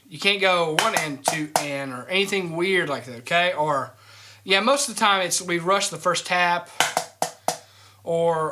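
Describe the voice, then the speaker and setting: A man's voice: fairly high pitch, heavy background noise. A man teaching a drumming lesson, explaining each step and checking in with "okay?" after every point. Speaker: drum teacher. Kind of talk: instructional lesson.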